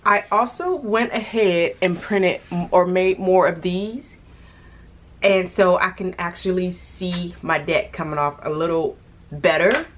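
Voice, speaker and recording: A woman's voice: fairly low pitch, slight background noise. A woman vlogging casually about paying off her debt, thinking aloud with restarts, little laughs and a touch of hiccups. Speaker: budgeting vlogger. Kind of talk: casual vlog talk to camera.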